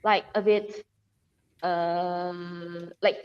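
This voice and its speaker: A woman speaking English with a Malaysian Chinese accent, chatting as a guest on a video call. She talks haltingly and circles back over her words. The sound is muffled and lo-fi, with a long reverb trailing each phrase. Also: fairly low pitch, little pitch movement, slight background noise. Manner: hesitant, repeats words, laughs often. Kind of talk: casual video-call chat. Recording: dull lo-fi audio with long reverb.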